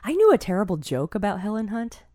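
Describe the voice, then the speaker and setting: A woman's voice: medium pitch, very animated, quick pace, a little mellow, no echo, clean studio sound. A young woman co-hosting a podcast, talking casually and giggling, a bit self-deprecating. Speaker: podcast co-host. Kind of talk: casual chat.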